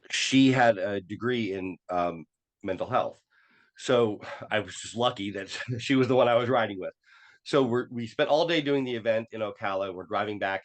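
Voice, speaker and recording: A man talking as a podcast guest, telling a personal story with many fillers and restarts and acting out quoted dialogue. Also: low-pitched.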